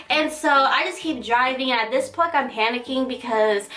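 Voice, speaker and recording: A young woman vlogger telling a story in a casual, slangy, dramatic way. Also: echoey room. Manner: animated, slangy, dramatic retelling with quick pitch jumps.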